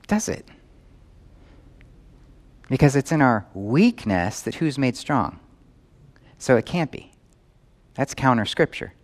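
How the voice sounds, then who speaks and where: Preaching slowly and animatedly, with long pauses, a pastor in a New York church quizzes his listeners with question after question. His voice sits in the mid range.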